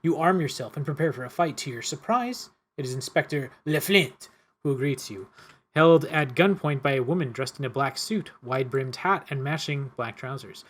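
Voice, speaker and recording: A man's voice: mid-range voice, lively intonation, moderate pace, a bit bright. A man playing a cooperative card game, reading the story text aloud and stumbling and correcting himself as he goes.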